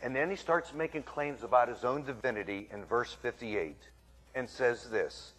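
A man's voice: mid-range voice, normal speed, a bit bright, soft background music. A man preaching a sermon, walking through scripture and dramatically acting out what the crowd is thinking. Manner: dramatic, acts out the crowd's voices.

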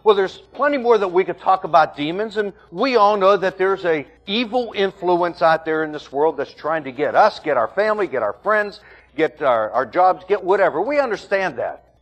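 A man's voice: high-pitched, expressive, normal speed. A man preaching a sermon as pastor, emphatic and repetitive, building points in phrases.

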